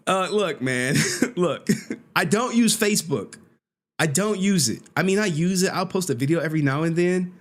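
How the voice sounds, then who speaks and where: A man's voice: high-pitched, animated, moderate pace. A man hosting a casual livestream, laughing often, joking and swearing as he talks. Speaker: streamer host.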